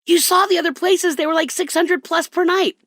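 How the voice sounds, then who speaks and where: A woman's voice: extremely high pitch, steady tone, fairly quick, a bit bright, no echo, clean studio sound, pitched above the performer's own voice. A woman voicing her bewildered middle-aged husband in a comic story reading. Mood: flustered.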